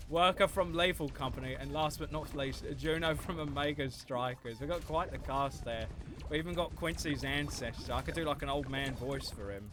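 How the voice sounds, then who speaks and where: A man's voice: fairly high pitch, sharp tone. A young man livestreaming a game, chatting casually with his viewers, rambling and swearing freely. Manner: rambling, swears freely, reads chat aloud. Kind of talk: casual gameplay stream chat.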